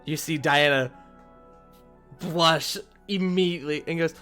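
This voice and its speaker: A man's voice: fairly high pitch, unhurried, a bit bright, soft background music. A man narrating a tabletop role-play as game master, rambling and hedging with filler words. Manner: rambling, full of fillers like "sort of".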